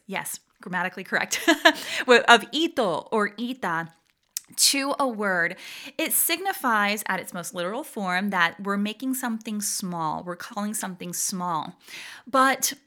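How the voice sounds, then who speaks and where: A middle-aged woman from Puerto Rico, raised in Georgia, hosting a podcast in a casual, animated way with frequent laughs. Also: medium pitch. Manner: warm, animated, laughs often. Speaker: podcast host, voice teacher.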